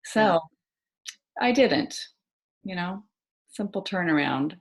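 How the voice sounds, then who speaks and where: A woman facilitating a self-inquiry session, asking guiding questions calmly and murmuring as she listens. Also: sits low, vocal fry. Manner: calm and unhurried, with frequent soft "mm" listening sounds.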